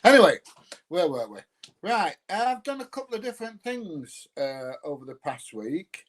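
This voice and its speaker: A man's voice: fairly high pitch, big pitch swings, normal speed. A friendly man with a South Yorkshire accent, talking off the cuff on a live stream. He rambles through his points with plenty of ums and uhs and stops to greet viewers by name. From North Nottinghamshire, England. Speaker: YouTuber greeting live chat. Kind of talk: casual live stream chat.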